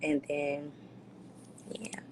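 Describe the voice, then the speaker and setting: A woman's voice: sits low, monotone, extremely slow, a little mellow, a little hiss or hum. A woman talking candidly in a loose, slangy way as the guest in a casual livestream chat on her phone. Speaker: reality show star being interviewed.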